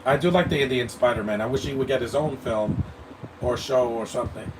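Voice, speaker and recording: A man's voice: mid-range voice, fairly quick. A man giving live movie commentary, blunt and opinionated, rambling and stammering over his words. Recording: distant mic with air-conditioning hum.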